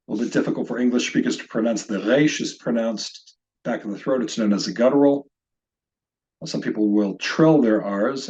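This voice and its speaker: A middle-aged man leads an online Biblical Hebrew lesson, breaking words into syllables and pronouncing each one slowly and deliberately. His voice sits at an ordinary male pitch. The recording is slightly muffled and lo-fi. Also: a little mellow. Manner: slow, deliberate pronunciation drills. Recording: slightly dull lo-fi audio.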